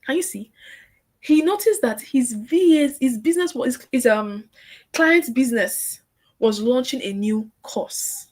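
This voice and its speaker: Animated woman teaching online. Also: high voice. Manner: animated, acts out client dialogues, repeats for emphasis. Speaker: online course instructor. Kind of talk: lively teaching talk.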